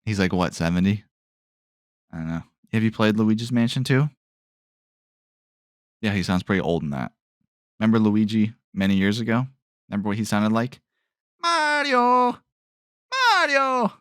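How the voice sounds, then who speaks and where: A man's voice: lowish voice, moderate pace, pauses often, clear, resonant tone, no echo, studio quality. A man hosting a solo podcast in a casual, rambling way, often trailing off with "I don't know" and asking himself questions, with sarcastic asides. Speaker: podcast host.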